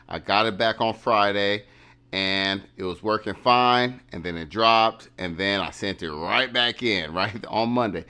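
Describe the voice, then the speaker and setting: A man's voice: on the low side, clean tone. Man telling a casual vlog story. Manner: animated, repeating catchphrases, acting out quotes. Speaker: vlogger.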